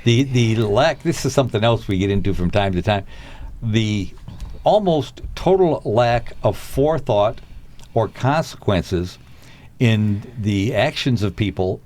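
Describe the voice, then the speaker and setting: A man's voice: on the low side, lively intonation, unhurried, darkish tone. A man hosting a casual talk show, laughing often and turning reflective. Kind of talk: casual comedic chat.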